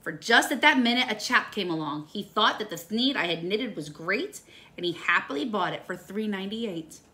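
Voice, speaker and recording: A woman teacher reads a rhyming picture book aloud with an expressive, sing-song lilt. Her voice is bright and clear, and it rises and falls a lot. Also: medium pitch, normal speed. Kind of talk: storybook read-aloud.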